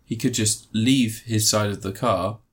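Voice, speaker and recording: A man's voice: lowish voice, steady tone, slightly rough. Rambling sarcastic man recapping a film. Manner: sarcastic, rambling with fillers and quick mock voices. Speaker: film reviewer. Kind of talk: casual film recap chat.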